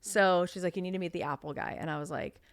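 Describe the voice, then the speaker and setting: A woman in her thirties, a podcast guest telling stories in casual conversation, chatty and animated with lots of fillers. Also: fairly low pitch, fast, clean tone.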